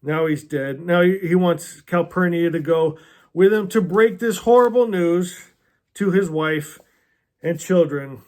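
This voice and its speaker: A man's voice: high voice, measured pace, a little mellow. A man hosting a book club video, chatting earnestly about a novel and reading passages aloud, laughing often.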